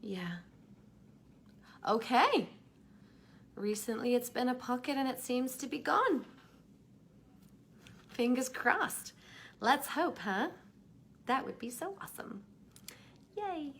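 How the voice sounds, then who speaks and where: A woman teaching a live online class, leading a soft, slow guided meditation that drops at times to a whisper, then chatting fondly with the group, her voice gravelly from smoke. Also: high-pitched, expressive. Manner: affectionate, calls listeners darlings. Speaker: workshop teacher.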